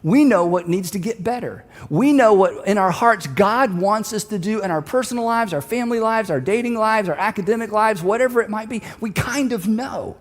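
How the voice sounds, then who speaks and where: An earnest male pastor with a notably high voice tells a scripture story in sermon style. He draws the listeners in and has them repeat a line with him. His voice rings with a long reverb, as in a large hall. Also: expressive, moderate pace, hardly any pauses, soft background music. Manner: earnest, storytelling, leads congregation in call-and-response.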